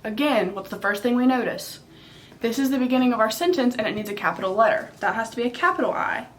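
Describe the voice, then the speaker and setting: A woman's voice: fairly high pitch, expressive, fast, a little hiss or hum. A young woman teacher giving a patient, step-by-step writing lesson for young children. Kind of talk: early-grade writing lesson.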